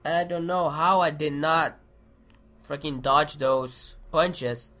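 A young man giving excitable let's play commentary, swearing and shouting at the game. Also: fairly high pitch, slow. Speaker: gaming commentator.

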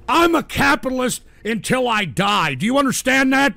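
A man hosting a live radio show, exasperated and shouting at trolls in the chat. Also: very high-pitched, expressive, normal speed, creaky, few pauses, dry recording. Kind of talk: ranting livestream talk.

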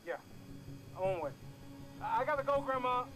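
Brash young man, very high voice, boastful and cocky, game scene. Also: animated, moderate pace, bright, forceful tone, faint music behind, exaggerated voice, rough recording.

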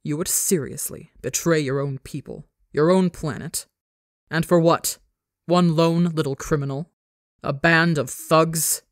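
A woman's voice: deep voice, moderate pace, few pauses, dark tone, no room sound, clean studio sound. A woman voicing a cold, contemptuous aristocratic father who coaxes and sneers, in a read-aloud story. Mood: scornful. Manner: coaxing, contemptuous.

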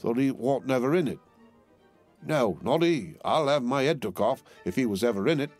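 A man voicing a threatening, blunt middle-aged London porter who speaks in rough, uneducated speech. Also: medium pitch, lively intonation, moderate pace, darkish tone, faint music behind, voice pushed up, lightly acted. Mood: menacing.

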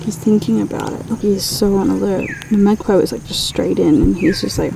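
A woman's voice: mid-range voice, a little fast, vocal fry, few pauses. A young woman chatting on a casual outdoor vlog, joking and acting out animals and people in silly voices. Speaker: vlogger. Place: outdoors by a dam. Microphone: phone camera. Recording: phone video with noisy outdoor background.

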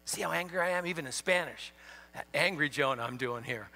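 A man giving a sermon in a university chapel, animated, swinging from quiet to loud. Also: a little high, brisk, vocal fry. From Ohio. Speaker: chapel speaker. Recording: reverberant chapel hall.

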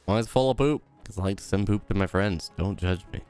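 A man's voice: quick pace, a little mellow, clear, resonant tone, soft background music. A young man commentating his own video game play, rambling and joking to himself. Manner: goofy, silly rambling with sudden high squeals. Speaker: gaming YouTuber.

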